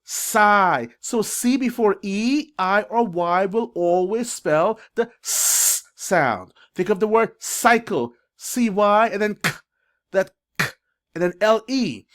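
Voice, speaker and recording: A man's voice: high voice, animated, slow, a bit bright. A middle-aged man coaching parents on reading, who sounds out syllables and spelling rules with emphasis. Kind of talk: instructional video for parents. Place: classroom or school office.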